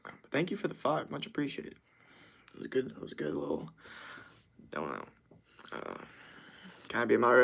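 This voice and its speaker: A man's voice: medium pitch, big pitch swings, moderate pace, gravelly, pauses often, a bit bright. A young man streaming casually, reading viewer comments aloud in a laid-back way and laughing easily. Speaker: streamer answering chat. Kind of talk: casual livestream chat.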